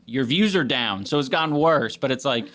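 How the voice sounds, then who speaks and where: A man's voice: mid-range voice, expressive, normal speed, a bit bright. Rambling man on a casual podcast. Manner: rambling, lots of "you know" and "like". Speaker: podcast co-host. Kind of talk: casual chat.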